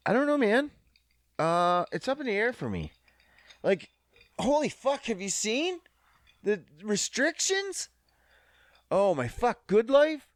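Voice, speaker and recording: A young man rants alone on his podcast, profane and rambling, often laughing at his own jokes. His voice is fairly high and leaps all over the place. The sound is dry and close. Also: dry recording. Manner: profane, rambling, self-mocking. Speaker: podcast host. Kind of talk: solo comedic podcast rant.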